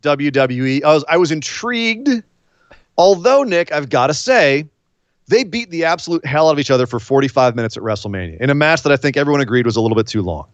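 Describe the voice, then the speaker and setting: A man hosting a casual podcast chat, animated and sarcastic. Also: on the high side, quick pace, no room sound. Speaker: podcast host. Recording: slightly dull lo-fi sound.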